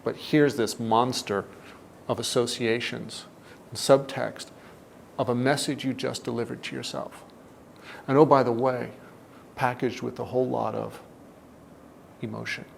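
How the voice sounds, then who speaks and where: Man, self-help teacher; gravelly, measured delivery that sinks soft and low. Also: fairly even intonation, slight background noise. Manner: deliberate, often drops to a soft, low tone. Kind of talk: reflective teaching talk.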